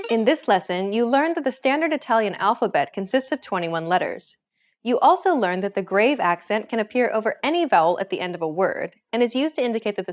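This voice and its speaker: A woman hosting a language course, explaining points in clear, friendly scripted narration. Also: mid-range voice.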